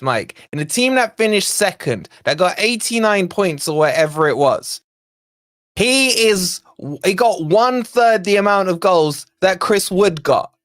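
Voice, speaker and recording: A young man hosting a football watch-along stream, talking in a fairly high voice. He rants and grumbles in exasperation while answering his chat. The sound is dry and close, with no room around it. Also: animated, a little slow, a bit bright, dry recording. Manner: ranting, exasperated, reacting to live chat. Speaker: fan channel host.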